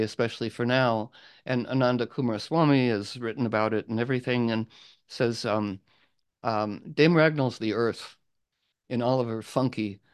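A man's voice: medium pitch, clean tone. A man telling an old legend aloud in a casual, rambling way with asides. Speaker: storyteller. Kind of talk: oral storytelling.

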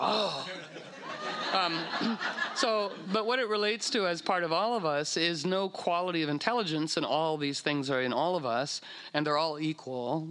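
Guy talking to a crowd, kinda high voice, acts out little voices, lots of um and you know. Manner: animated, acts out quoted voices, many fillers. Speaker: speaker on astrology. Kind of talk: casual talk to an audience.

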